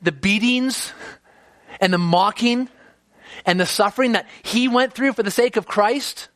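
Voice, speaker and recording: Brief: male preacher, earnest and emphatic, slightly higher voice, dry booth-like sound. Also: measured pace, a bit bright, no room sound. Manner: earnest, emphatic, rhetorical questions. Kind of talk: expository sermon.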